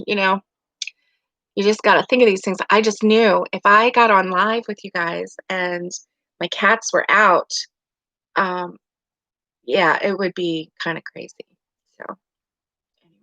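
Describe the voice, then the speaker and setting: A woman's voice: medium pitch, pushed and bright, no room sound. A woman hosting a casual live stream from her home, chatty and rambling, laughing often. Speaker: livestream host. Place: home bedroom. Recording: dry, dull lo-fi sound.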